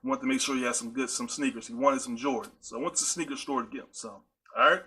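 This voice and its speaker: A man's voice: mid-range voice, fairly even intonation, fast talker, pushed and bright. A man hosting a podcast, speaking in a casual, chatty monologue that addresses his listeners directly and often repeats himself with playful asides. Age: adult with a high-school-age nephew. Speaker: podcast host.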